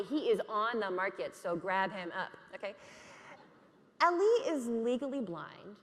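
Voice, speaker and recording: A woman giving a candid, lively conference keynote, laughing along with her audience. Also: medium pitch, big-room sound. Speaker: keynote speaker. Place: conference hall.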